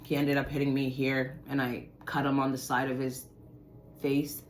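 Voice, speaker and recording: A woman telling a personal story to her viewers in casual talk, swearing often and swinging from low muttering to loud outbursts. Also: flat delivery, normal speed, a little hiss or hum.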